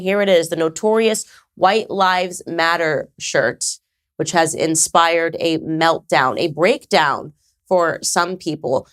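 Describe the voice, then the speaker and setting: A woman in her thirties from the United States hosting her own show, talking in an emphatic, conversational way with sarcastic asides. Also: deep voice. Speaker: podcast host. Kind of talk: casual commentary to camera.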